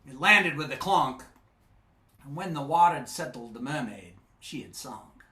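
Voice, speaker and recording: A man reciting a storytelling poem on a festival stage with a rhythmic, animated delivery. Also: medium pitch, normal speed. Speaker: poetry reciter. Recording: echoey live stage.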